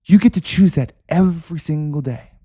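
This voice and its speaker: A man's voice: on the high side, moderate pace, dark tone, breathy edge. A man hosting a podcast, delivering an intense, repetitive motivational monologue with preacher-like emphasis. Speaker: podcast host.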